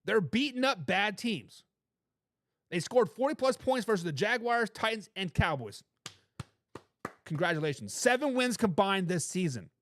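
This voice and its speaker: High-pitched, animated man hosting football talk. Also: normal speed. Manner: emphatic, animated and opinionated, repeats phrases for emphasis. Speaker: host of a football talk show. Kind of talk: live-stream sports talk reading chat comments.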